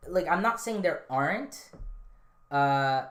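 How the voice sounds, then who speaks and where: Speaking slowly in a low, expressive voice, a woman rambles through her casual solo podcast, offhand and full of fillers and restarts. The room around her is roomy and echoey.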